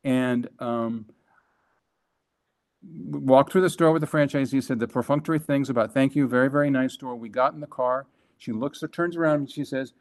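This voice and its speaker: A man, a guest and former franchise executive, telling a business story in conversation, emphatic and animated with quick restarts. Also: mid-range voice.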